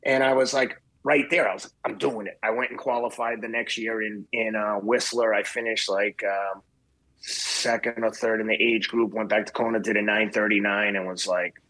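A man in his fifties, an endurance runner, telling a story as an interview guest in a blunt, profane and animated way, acting out the dialogue. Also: fairly low pitch, normal speed, poor audio. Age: 50s.

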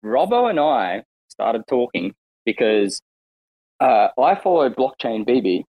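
A man's voice: big pitch swings, measured pace, phone-quality sound. Male regular, casual chat at home, playful teasing, cusses freely. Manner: teasing, playful, swears, jumps to high pitch when joking. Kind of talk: casual chat on a live audio space. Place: inside his house.

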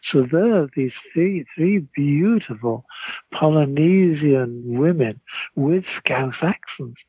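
An older man with a Liverpool accent telling rambling, lively anecdotes as an interview guest, over a tinny phone line. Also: a little high, slow, slightly rough, dry recording. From Liverpool, England. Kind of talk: anecdotal storytelling.

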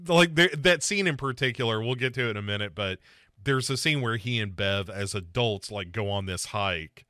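A man's voice: lowish voice, moderate pace, sharp tone, no room sound, studio quality. A man hosting a podcast, talking through a movie in a loose, rambling way with lots of fillers and restarts. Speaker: podcast host. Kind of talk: casual podcast movie discussion.

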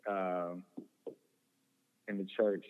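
Young male guest, earnest, stumbling restarts, low voice, phone-thin sound with long reverb. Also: little pitch movement, extremely slow, narrow, tinny audio. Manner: earnest, repeats words and restarts often. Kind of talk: personal testimony in conversation.

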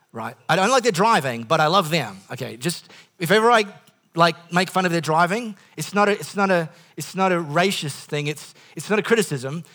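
This high, sharp-toned male voice belongs to an Australian pastor delivering a sermon. He rambles from one comic tale to the next, interrupting himself with asides and frequent restarts.

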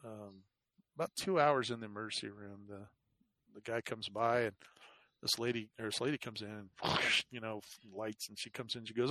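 A man's voice: lowish voice, normal speed, pushed and bright, no echo. A man casually recounting a hard personal experience, rambling with lots of fillers and restarts, and a self-deprecating manner. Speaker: guest telling his illness story. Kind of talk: casual conversational storytelling.

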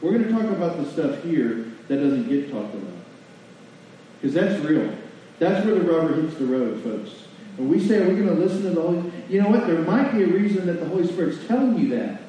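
A man preaching a sermon in a church, folksy and animated, asking the congregation questions. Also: a little high, fairly quick, a little hiss or hum. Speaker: pastor. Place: church sanctuary. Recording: distant mic in a very echoey hall, lo-fi.

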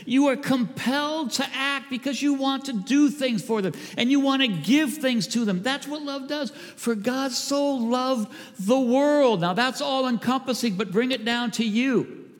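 A man preaching a sermon as a pastor, earnest and warm in his pleading, often dropping to a hushed voice. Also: very high voice, moderate pace, in a large hall. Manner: earnest, drops to a hushed voice for quoted lines. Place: church sanctuary.

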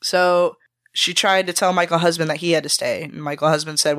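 Podcast guest, woman: lively, profane storyteller, dry close recording. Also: low voice, a little fast, dry recording. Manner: animated, swears freely, acts out quotes. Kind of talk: casual storytelling chat.

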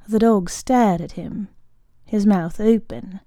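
A woman narrates a short story in a calm, measured manner. Her pace is slow and her tone mellow. The recording is dry and close. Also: mid-range voice, dry recording. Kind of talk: audiobook reading of a short story.

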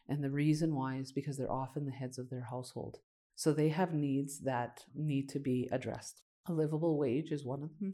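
A woman's voice: a bass voice, dark tone. A woman leading a community organization, explaining its programs and telling stories in an earnest, conversational way. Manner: earnest and conversational, often adds "right?". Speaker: executive director of a community organization.

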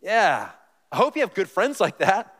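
A man preaching a sermon in a large, reverberant hall, his voice sitting somewhat high for a man. He tells the story with animation, acting out its voices, then sinks to a hushed, low tone for the solemn moments. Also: wildly swooping pitch, normal speed. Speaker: pastor.

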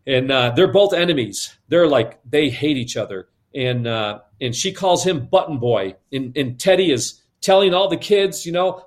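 Storytelling guest, a man with a fairly high voice, animated and restless with repetitions. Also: normal speed, hardly any pauses. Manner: lively, repeats words, switches into character voices.

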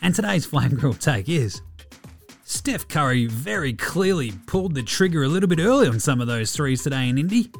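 An Australian man hosting a casual sports podcast, animated, jokey and swearing a lot. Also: on the high side. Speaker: podcast host.

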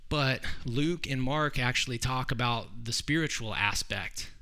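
A man's voice: mid-range voice, measured pace, bright, forceful tone, clear, resonant tone. A man preaching a sermon in a conversational way, often restarting his sentences. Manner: conversational, with frequent restarts and acted quotes.

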